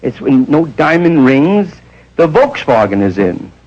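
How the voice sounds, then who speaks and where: A man around forty, doing a rambling stand-up routine in a nightclub and jumping into loud character voices. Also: fairly high pitch, big pitch swings, measured pace, muffled recording. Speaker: stand-up comedian. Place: nightclub stage before a live audience. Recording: faint hiss, old 1960s live recording.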